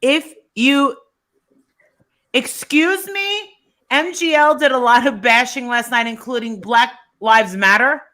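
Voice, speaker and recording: Woman, high voice, bright tone, blunt, profane, ranting live stream chat. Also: slow.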